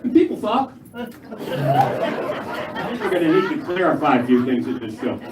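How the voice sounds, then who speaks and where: Older male stand-up comic, gruff and profane, higher-pitched voice, roomy club with a laughing crowd. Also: wildly swooping pitch, a little slow. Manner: gruff, profane, punchy delivery with big pitch jumps. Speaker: stand-up comedian. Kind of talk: stand-up routine. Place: live comedy club stage. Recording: echoey live room, mic far, crowd noise. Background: audience laughter.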